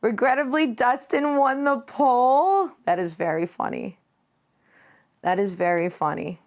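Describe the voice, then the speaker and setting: A young woman talks casually to her viewers as she paints on a live stream. She speaks slowly and lazily, and her voice sits a little high. She is giggly and playful and swoops upward when she reacts to chat. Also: expressive. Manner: giggly, playful, reads chat aloud and jumps in pitch.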